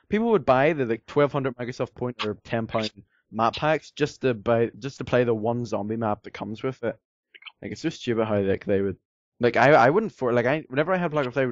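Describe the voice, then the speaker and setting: A man's voice: medium pitch, no room sound, dull audio. A man chatting casually as a podcast co-host, rambling with lots of fillers and some sarcasm. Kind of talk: casual chat.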